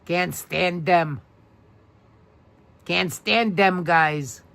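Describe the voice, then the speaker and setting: Slow-talking New man hosting a live quiz. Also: high-pitched, vocal fry, bright, forceful tone. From New York. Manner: upbeat, repeats questions and greets viewers by name. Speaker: live-stream host. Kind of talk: live-stream trivia quiz, reading viewer answers.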